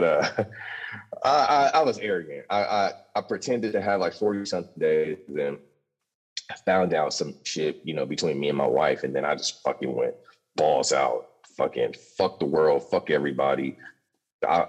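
A deep-voiced young man with a husky edge tells his story in a loose, profane rush. He stumbles through quick restarts and keeps the talk raw and candid. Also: darkish tone. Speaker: podcast guest telling his recovery story.

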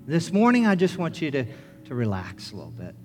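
A middle-aged man, a pastor, preaching a sermon in an earnest storytelling manner, rising to loud excitement as the story builds. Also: fairly high pitch, brisk. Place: church sanctuary. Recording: reverberant church with music.

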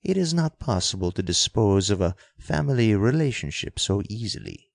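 A man's voice: on the low side, sing-song, normal speed, gravelly, no echo, studio quality, full character voice. A man doing a cool sneering young villain. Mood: cold sneering. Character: cold sneering young male villain, spy.

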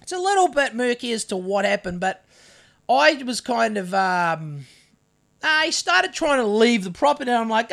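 A man's voice: very high-pitched, fairly quick, vocal fry. A man, a podcast co-host getting over covid, telling a story in casual chat, cursing freely and acting out what he said. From New Zealand. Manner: profane, animated storyteller acting out his own lines. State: recovering from covid.

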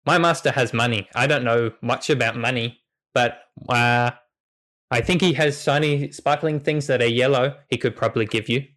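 A man's voice: mid-range voice, fairly even intonation, normal speed, fairly bright tone, natural voice. A man voicing an eager, loyal male farm dog who speaks in simple, broken sentences and pleads for help.

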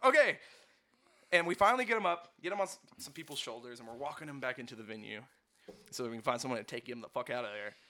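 A man's voice: mid-range voice, very fast, bright, forceful tone, dry recording. A young man in a casual chat, telling a rambling, profane story full of "like". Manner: rambling and profane, heavy use of "like". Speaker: touring band musician.

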